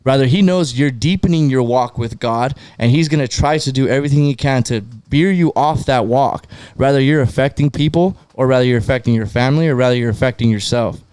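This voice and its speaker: Speaking quickly with barely a pause, a man with a smooth, darkish mid-range voice co-hosts a podcast in a dry recording. His talk about faith is relaxed and sprinkled with scripture, and he often starts sentences over.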